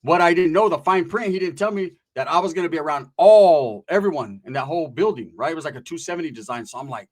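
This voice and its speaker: A man from Northern California telling a casual story, animated and profane, acting out the voices of the people in it. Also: a little high, quick pace, hardly any pauses.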